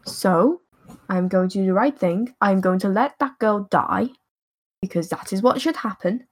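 A woman voicing a stern, booming ancient male divine being who scolds and commands. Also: moderate pace, natural voice. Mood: firm.

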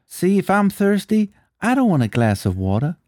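A man voicing a woman named Gloria who wants sympathy, in a raised put-on pitch and a drawn-out delivery. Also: sing-song, a little mellow, no echo, studio quality. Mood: plaintive.

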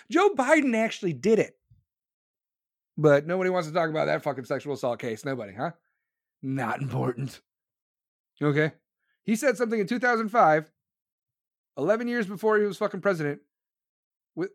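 A man's voice: fairly high pitch, sing-song, fairly quick, long pauses, no room sound, clean studio sound. Crude, sarcastic political commentator man. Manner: crude, sarcastic and heavily profane.

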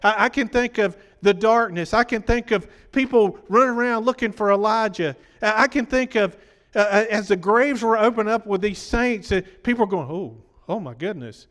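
A man's voice: high voice, moderate pace, fairly bright tone, in a large hall. A man preaching a sermon, talking conversationally and quizzing the congregation, his voice worn from preaching.

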